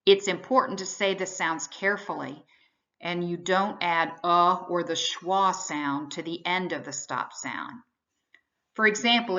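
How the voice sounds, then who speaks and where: A woman giving scripted instructional narration, explaining in a measured, explanatory way how to teach sounds. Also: on the low side, pushed and bright. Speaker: reading instructor. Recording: slightly dull, lo-fi voice-over.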